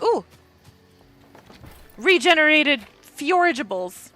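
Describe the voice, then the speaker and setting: A woman playing a cozy game and talking through it, playful and giggly, thinking out loud. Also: medium pitch, expressive, unhurried, no room sound, faint music behind. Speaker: gaming streamer. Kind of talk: casual gameplay commentary.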